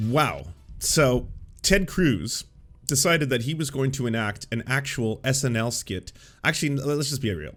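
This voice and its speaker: Sarcastic lower-voiced male political commentator. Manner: sarcastic, laughing, lots of filler. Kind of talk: casual commentary.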